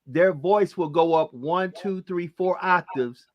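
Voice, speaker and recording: A man's voice: sits high, measured pace, dry recording, highs cut off. Affirming male talk host. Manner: affirming, often says "correct" and "right". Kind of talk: casual talk show chat.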